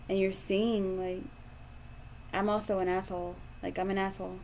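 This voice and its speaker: A young woman delivers a tarot reading in a frank, profane, emphatic way, circling back to the same points again and again. Her voice sits at a middle pitch, with a faint hiss of noise behind it. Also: level tone, normal speed, darkish tone. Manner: blunt, profane, emphatic, with lots of repetition. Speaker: tarot reader.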